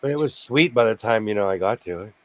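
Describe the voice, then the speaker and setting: A man's voice: lowish voice, animated, fast talker, a bit bright, a little hiss or hum. A man hosting a casual chat show, talking in a jokey, rambling way. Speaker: host.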